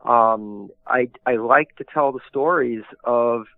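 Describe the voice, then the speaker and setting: A man's voice: mid-range voice, takes it slowly, vocal fry, no room sound. A man, a historian and author, telling long rambling anecdotes in a casual interview, full of fillers. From New York area. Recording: tinny phone-like line, dry.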